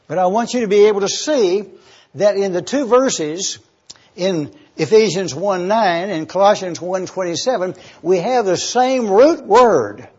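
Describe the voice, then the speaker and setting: Bible teacher guy, slow and careful, spells stuff out letter by letter, kinda husky, muffled old recording. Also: high-pitched, a little mellow. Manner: deliberate, spells out words letter by letter.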